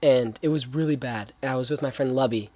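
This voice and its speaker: A man's voice: medium pitch, brisk, darkish tone, no room sound. Earnest young man in casual faith talk. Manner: earnest, rambling, with many restarts and slang. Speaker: young Christian speaker.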